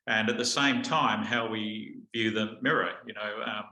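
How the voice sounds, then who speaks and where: A man, a guest telling stories in a relaxed conversation, with lots of fillers and restarts. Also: fairly low pitch, moderate pace. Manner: animated anecdotes with frequent fillers and restarts. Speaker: guest speaker. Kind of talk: conversational storytelling. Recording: echoey room.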